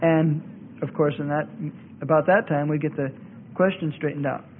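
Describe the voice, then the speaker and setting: High-voiced man lecturing on tinny tape. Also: fairly even intonation, moderate pace, a little hiss or hum. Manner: argumentative, repeats points for emphasis. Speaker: Bible class teacher. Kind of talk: classroom lecture.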